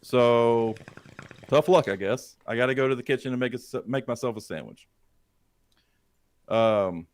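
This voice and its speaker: A man's voice: medium pitch, dry recording. A man co-hosting a podcast, telling a creepy first-person story with lots of swearing and questions to the listeners to build suspense. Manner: suspenseful, profane, asks the audience questions. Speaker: podcast co-host. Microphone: studio dynamic mic.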